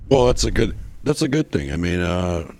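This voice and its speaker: A man's voice: low-pitched, big pitch swings, moderate pace, a little mellow, dry recording. A man chatting loosely as a podcast guest, profane and full of restarts. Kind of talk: casual podcast chat.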